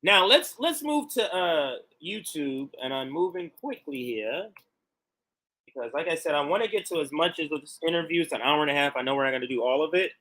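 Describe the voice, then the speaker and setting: Male livestream host, high and bright, combative with rhetorical questions. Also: expressive, brisk. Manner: argumentative, pointed rhetorical questions. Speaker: political commentary host. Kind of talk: livestream commentary reacting to clips.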